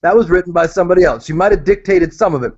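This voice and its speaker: A man's voice: high-pitched, very fast. A man co-hosting a fight podcast, bluntly sarcastic and dismissive in casual, profane chat. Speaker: podcast co-host. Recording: muffled lo-fi audio.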